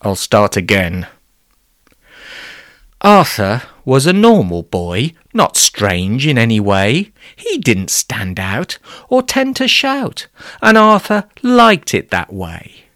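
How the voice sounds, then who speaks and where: A man's voice: mid-range voice, huge pitch swings, slow pace, fairly bright tone, dry recording, clean studio sound. A man narrating a rhyming children's story with a weary, exasperated patience.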